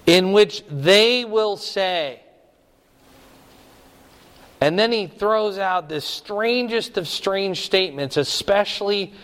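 A man preaching a sermon in an earnest, emphatic way, slowing down to stress key words. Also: high-pitched, fairly bright tone. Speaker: pastor. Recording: reverberant hall.

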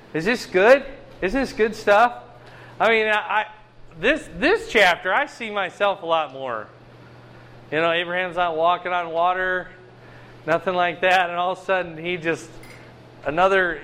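A man's voice: sits high, a bit bright, slight background noise. A man leading a bible study in a chatty, conversational way, asking the group questions.

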